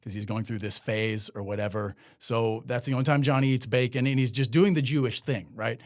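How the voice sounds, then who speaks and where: A man's voice: medium pitch, fairly even intonation, fairly quick. A man hosting a solo commentary podcast, talking in a sarcastic, conversational way with many filler words. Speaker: podcast host.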